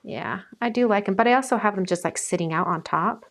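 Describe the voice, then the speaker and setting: A woman's voice: medium pitch, fast, crowd noise. A woman hosting a live crafting demonstration, chatting upbeat and narrating what her hands are doing, with the hiccups. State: has the hiccups. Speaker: crafting host.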